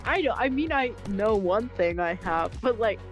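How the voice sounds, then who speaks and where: Young woman streamer, animated storyteller, swears freely, faint music behind. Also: medium pitch, moderate pace. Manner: animated, swears a lot, laughs often. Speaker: livestreamer. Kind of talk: casual storytelling chat.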